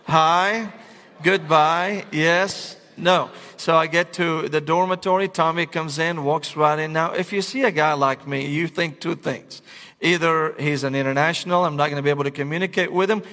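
Pastor telling a funny story. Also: male voice, a little high, fairly quick. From Syria. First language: Arabic. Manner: animated, comic storytelling to a congregation. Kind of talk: sermon with humorous storytelling. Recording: long reverb of a large hall.

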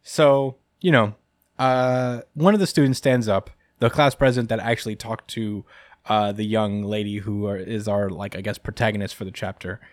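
A man's voice: on the low side, fairly even intonation, moderate pace, dry recording. Chill guy podcast host rambling through a recap, laughing a lot, dry close mic. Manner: rambling, lots of ums and laughs. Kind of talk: casual chapter recap chat.

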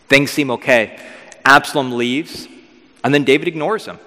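A man preaching a casual, storytelling sermon as pastor, lively and acting out figures in modern slang. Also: medium pitch, moderate pace. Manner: animated, acts out biblical figures with modern slang. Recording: long hall reverb.

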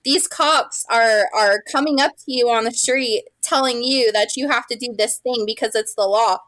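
A woman's voice: a little high, normal speed, a bit bright, no room sound, poor audio. A woman guest on a podcast, arguing her point bluntly and lecturing in casual chat.

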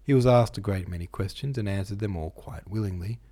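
Husky, dark-voiced male narrator. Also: fairly low pitch, brisk. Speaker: audiobook narrator, podcast host. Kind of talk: literary audiobook reading.

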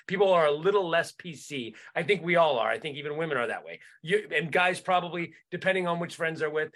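A man's voice: a little high, fairly bright tone. A male comedian co-hosting a podcast, talking at length in casual chat and reasoning aloud with fillers.

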